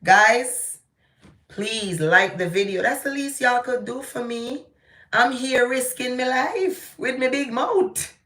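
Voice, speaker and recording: A middle-aged Jamaican woman talks politics with a bright, forceful edge, her voice bouncing around a roomy space. Her Jamaican accent thickens into patois as she rants, stretching key words out slowly and loudly, then rushing through her asides. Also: fairly high pitch. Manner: animated, ranting, shifting into patois. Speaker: vlogger. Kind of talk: live political commentary.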